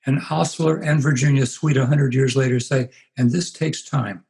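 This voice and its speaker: A man in his eighties, a pastor being interviewed, telling stories in an unhurried, reflective way. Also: medium pitch, fairly even intonation, darkish tone, poor audio. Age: 80s. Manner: unhurried, anecdotal, puts on voices for quoted people. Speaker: guest, pastor.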